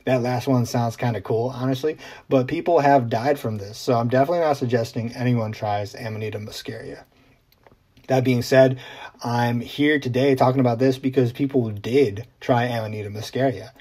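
A man talks straight to camera as host of his own explainer vlog. His voice is mellow and warm at an ordinary middle pitch. He keeps it chatty, with ums and little asides. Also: fairly even intonation, moderate pace, breathy edge. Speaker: journalist host.

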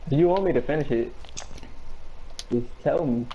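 A man's voice: medium pitch, moderate pace, lo-fi sound. A man gaming with a friend, brash and profane, calling for the ball and trash-talking. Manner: swearing, brash, demanding. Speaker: gamer. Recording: loud background noise with clicks.

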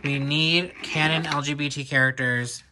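A man's voice: fairly high pitch, fairly even intonation, pushed and bright, a little hiss or hum. Gushing man unboxing dolls. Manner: chatty, gushing, quick asides. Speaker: doll collector vlogger. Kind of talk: casual unboxing chat. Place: indoor room with air conditioner hum.

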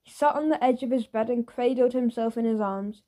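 A woman narrates a children's audiobook with playful energy. Her voice is mellow and sits a little high. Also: fairly quick. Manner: lively, playful storytelling.

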